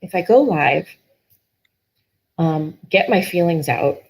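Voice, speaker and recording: Earnest husky-voiced woman guest. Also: fairly low pitch, animated, slow pace, rough recording. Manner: earnest, emotional, frequent restarts. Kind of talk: personal story in conversation.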